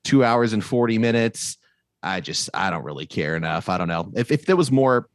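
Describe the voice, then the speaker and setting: A laid-back man on a podcast, shrugging things off as he talks. His voice sits a little low. The sound is dry and close. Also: lively intonation, moderate pace, no room sound. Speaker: podcast co-host. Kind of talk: casual chat.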